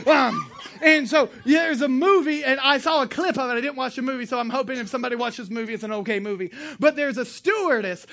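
Lady preaching a sermon, bright sharp tone, gets loud and punchy, cracks jokes. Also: high voice. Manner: lively, emphatic, joking asides, bursts of shouting.

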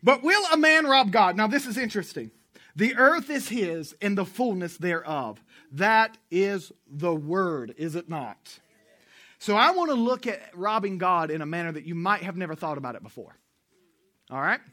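A man preaching with a high, sharp, bright voice. He talks to the congregation in a loose, storytelling way, tossing out questions for them to answer back. His sermon feels like friendly conversation. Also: lively intonation, normal speed. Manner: call-and-response with the congregation; conversational, storytelling, with asides to the audience. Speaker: pastor.

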